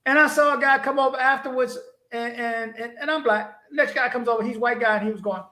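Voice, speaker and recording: Animated male livestream host, roomy sound. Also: very high voice, quick pace. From Washington DC area. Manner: animated storytelling, acting out his own past exchanges. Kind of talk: casual live-stream chat.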